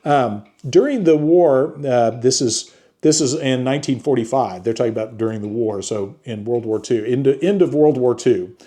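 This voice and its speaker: A man casually talking through a book review, halting often with fillers and restarts. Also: medium pitch, warm tone. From United States.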